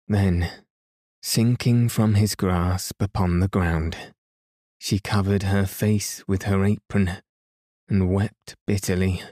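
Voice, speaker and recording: A man reading a classic story aloud in a calm, gentle way to help listeners fall asleep. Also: low-pitched, dry recording, clean studio sound. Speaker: podcast reader. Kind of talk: slow, soothing bedtime story reading.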